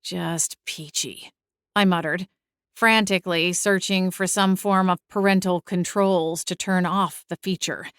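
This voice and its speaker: A young adult woman narrating a first-person audiobook, expressive and exasperated in the dialogue. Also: lowish voice, a little slow, smooth, dry recording, studio quality.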